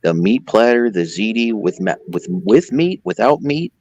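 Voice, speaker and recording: A man's voice: fairly low pitch, unhurried, no echo, dull audio. A man hosting a casual group chat, joking and teasing the others as he riffs. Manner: joking, teasing, animated riffing.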